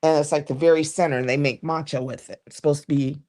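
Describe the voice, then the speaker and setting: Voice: mid-range voice, fairly even intonation, fast, darkish tone. This is a livestream host in loose, casual conversation, rambling from one thing to the next. Sentences often trail off or restart partway through, in an easygoing, talkative way. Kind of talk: casual chat.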